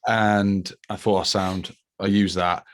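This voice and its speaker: Low-voiced British man, dry and wry. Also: level tone, slow pace. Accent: British English. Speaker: electrician, podcast co-host. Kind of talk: casual chat.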